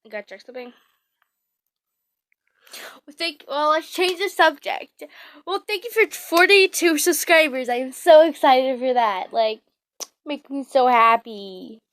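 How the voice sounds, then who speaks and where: A woman reading fan fiction aloud and reacting emotionally, in halting, gushing speech. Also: sits high, expressive, fairly bright tone, dry recording.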